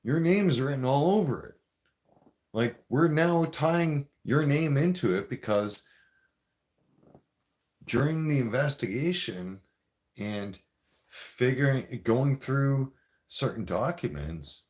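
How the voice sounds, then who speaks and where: Slow-talking man ranting on a live stream. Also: medium pitch, lively intonation, a little mellow. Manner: confrontational, addresses viewers directly, rambling with restarts. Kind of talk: casual live-stream rant to viewers.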